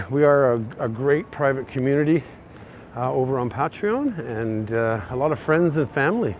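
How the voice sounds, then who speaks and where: A Canadian man narrating a casual walking tour of city streets, chatty and excitable. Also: medium pitch, moderate pace. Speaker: vlogger. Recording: faint outdoor street noise. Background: faint traffic and street noise.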